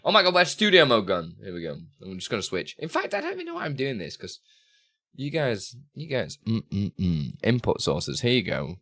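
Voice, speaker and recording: Man, live-stream host, casual self-narration, lowish pitch, crisp bright tone. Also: huge pitch swings, a little fast. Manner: chatty, self-narrating, muttering to himself, bursts of laughter. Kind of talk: casual live-stream chat while working on screen.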